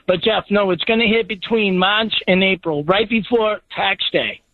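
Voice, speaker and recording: A man's voice: high voice, moderate pace, no room sound. A man calling in to a radio show, opinionated and sarcastic, heard over a phone line. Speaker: caller. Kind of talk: call-in conversation.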